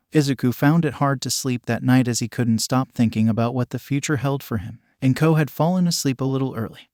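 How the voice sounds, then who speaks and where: Guy narrating a fan fic story, mid-pitched voice, steady and even the whole way, really dry close sound with no room. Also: no room sound.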